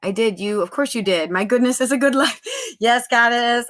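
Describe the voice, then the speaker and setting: A woman's voice: a little high, moderate pace, fairly bright tone. A middle-aged woman hosting a live stream, chatting upbeat with viewers and reading out their comments. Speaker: livestream host.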